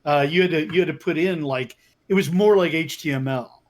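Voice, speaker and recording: A man's voice: a little high, fairly quick. An older man co-hosting a stream, chatting casually while playing a text game, laughing often and restarting his sentences. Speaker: writer and stream co-host.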